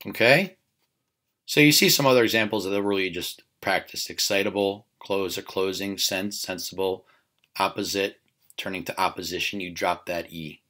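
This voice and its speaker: A man teaching a recorded spelling lesson, repeating words slowly and checking in with "okay?" often. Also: low voice, pushed and bright.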